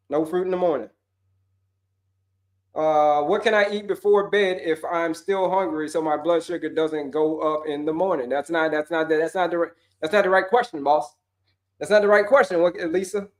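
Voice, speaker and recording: Animated high-voiced male coach. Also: normal speed. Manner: animated, slangy, repeats himself, acts out viewers' voices. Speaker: wellness coach hosting a livestream. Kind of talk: energetic live-stream pitch and Q&A.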